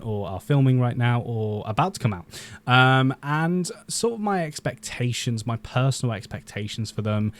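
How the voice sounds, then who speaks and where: A man hosting his own video channel, chatting casually and with strong opinions about upcoming superhero films, often pausing with "um" and restarting sentences. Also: mid-range voice, darkish tone. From Britain. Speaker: YouTube film commentator.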